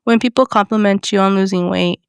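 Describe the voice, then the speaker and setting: A young woman speaks frankly on a podcast, animated as she retells everyday conversations. Her voice sits close and dry, with little room around it. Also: medium pitch, brisk, clear, resonant tone, no room sound. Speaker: podcast co-host. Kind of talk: casual chat.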